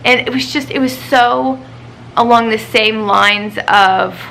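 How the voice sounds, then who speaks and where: A woman's voice: on the high side, takes it slowly, gravelly, bright, forceful tone, slight background noise, low-quality recording. A woman vlogger chatting casually, venting her frustration over a doctor's appointment after a week of crying. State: upset, recently crying. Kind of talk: casual chat.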